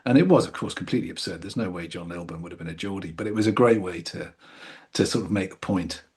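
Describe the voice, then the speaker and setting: A middle-aged man from Newcastle, England, speaking in received pronunciation as an actor guest, relaxed and self-mocking with frequent laughs. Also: sits low, fast talker, slightly rough. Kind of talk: casual chat.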